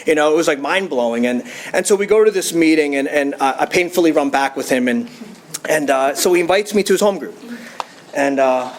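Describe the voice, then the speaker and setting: Man telling his recovery story, slightly high. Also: animated, brisk, a little hiss or hum. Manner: casual, storytelling with fillers and laughs. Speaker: AA speaker. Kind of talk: personal recovery story at a meeting.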